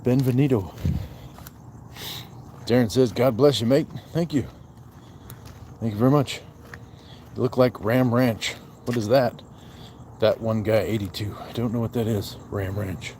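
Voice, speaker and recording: A man's voice: medium pitch, measured pace, pauses often, dark tone, slight background noise. A man hosting a casual livestream. He jokes, greets viewers by name, reads out chat comments and counts his push-ups aloud. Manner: joking, talks to viewers by name. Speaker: livestream host.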